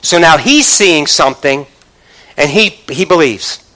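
High, bright-voiced male preacher. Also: animated, unhurried, poor audio. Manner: call-and-response preaching, builds to shouting. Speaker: pastor. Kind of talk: sermon.

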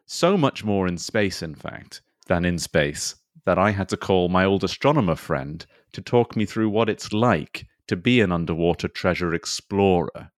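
A man's voice: sits low, lively intonation, moderate pace, hardly any pauses, no echo, clean studio sound. A man hosting a comedy podcast, joking in a playful, rambling way. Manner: playful, rambling, laughs often. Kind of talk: casual chat.

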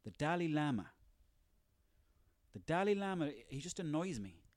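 A man's voice: fairly high pitch, big pitch swings, normal speed, darkish tone, no echo. An Irish man in his thirties delivering a sarcastic, profanity-laden comic rant on his own. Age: 30s. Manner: profane, sarcastic, ranting, rambling.

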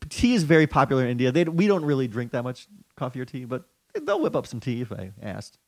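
A man co-hosting a podcast, talking in an animated, incredulous way and laughing often. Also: mid-range voice, fast talker. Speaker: podcast co-host. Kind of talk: casual chat.

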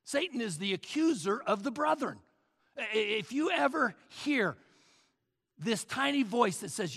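A man's voice: sits high, sing-song, unhurried, creaky, fairly bright tone, husky, long reverb tail. A male pastor preaching a sermon with emphatic repetition, often addressing the crowd as folks.

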